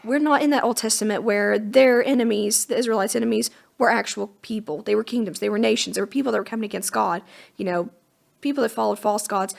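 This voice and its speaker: Chatty woman with a gravelly voice. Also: medium pitch, fast. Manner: chatty, casual retelling with lively acted-out quotes. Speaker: co-host of a Bible teaching podcast. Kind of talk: conversational Bible teaching.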